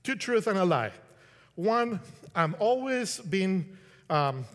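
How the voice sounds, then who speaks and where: A middle-aged preacher from Colombia gives a casual, conversational sermon, acting out quotes and sometimes restarting his sentences. His voice is high-pitched, sing-song, slow, and a bit bright, with long hall reverb around it.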